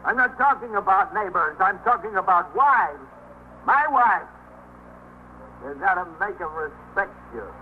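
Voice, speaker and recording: A paranoid armed man, high-pitched. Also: expressive, measured pace. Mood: ranting. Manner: agitated, repetitive, swings between threats and self-pity. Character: unstable man barricaded with a gun, paranoid and bitter. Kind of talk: 1950s radio drama acting. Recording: tinny old radio broadcast with faint hiss.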